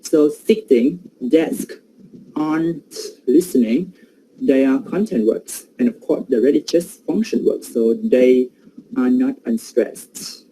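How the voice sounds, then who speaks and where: A man's voice: medium pitch, takes it slowly, warm tone, slight background noise, low-quality recording. A man giving an academic presentation on pronunciation, hesitant and full of fillers.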